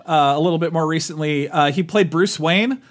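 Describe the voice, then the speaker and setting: A man talking casually about movies in a rambling, animated way. His voice sits a little high and climbs further when he gets worked up. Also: normal speed. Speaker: podcast co-host. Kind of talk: casual chat.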